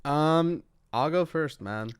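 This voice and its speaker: A man's voice: on the high side, slow, clear, resonant tone. A young man co-hosting a casual podcast, rambling with lots of fillers and laughing easily. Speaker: podcast co-host.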